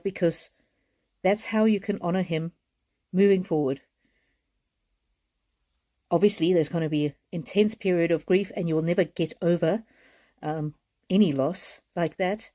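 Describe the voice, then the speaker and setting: Earnest woman giving a mellow card reading. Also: lowish voice. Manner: earnest, gently reassuring, with soft laughs. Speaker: oracle card reader. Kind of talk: live streamed card reading.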